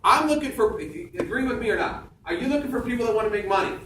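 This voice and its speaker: Man, high voice, emphatic stage talk, echoey room, distant mic. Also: expressive, fast. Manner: emphatic, punchy, repeats key phrases. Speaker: seminar speaker. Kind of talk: motivational sales talk on stage. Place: large room with audience. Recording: echoey room, far from mic, faint background noise.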